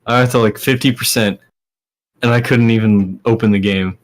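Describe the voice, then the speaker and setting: A man co-hosting a casual gaming podcast over voice chat, blunt and quick to swear and laugh. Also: on the low side, steady tone. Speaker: podcast co-host.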